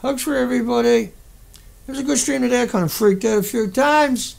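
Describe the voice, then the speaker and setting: A man's voice: very high-pitched, a little fast, vocal fry. A man hosting a livestream, ranting in an indignant, profane, rambling way. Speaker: livestream host. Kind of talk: angry livestream rant.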